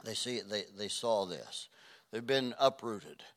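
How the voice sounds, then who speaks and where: An older man preaching a sermon, earnest, dropping to a hush and then rising loud. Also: fairly low pitch, lively intonation, a little slow. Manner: earnest, swings from hushed to loud. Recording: reverberant hall.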